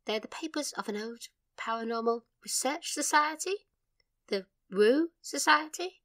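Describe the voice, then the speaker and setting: A woman playing an anxious young librarian haunted by stories, in a horror audio drama trailer, hushed and pleading. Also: sits high, expressive, a little slow. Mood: tense, hushed.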